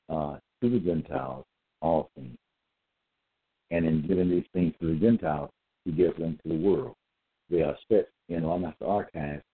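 A man's voice: low voice, slight background noise. A man giving a solo lecture, reading out verses, repeating his points and asking listeners whether they got it. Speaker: self-styled preacher. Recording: tinny phone-like audio.

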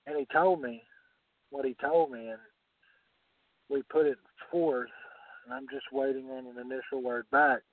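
A man's voice: medium pitch, fairly even intonation, moderate pace, pauses often, dry recording. Southern man, wrestling commissioner, menacing braggart; phone-quality, dry sound. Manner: boastful, menacing. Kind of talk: wrestling promo trash talk. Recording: tinny phone line, dry.

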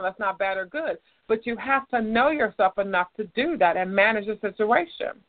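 A woman's voice: medium pitch, animated, moderate pace, hardly any pauses, no echo. Woman guest, advice talk, acts out examples, thin phone-like audio, dry. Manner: illustrates points with acted-out examples of what to say. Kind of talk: conversational self-help advice. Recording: dry, tinny phone-like sound.

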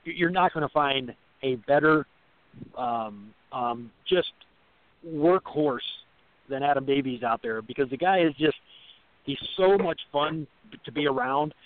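A man speaking as a guest in a casual phone interview, halting and repeating words, teasing and laughing often. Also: a little high, dry recording. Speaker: guest, conference organizer. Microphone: telephone. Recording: tinny dry phone line.

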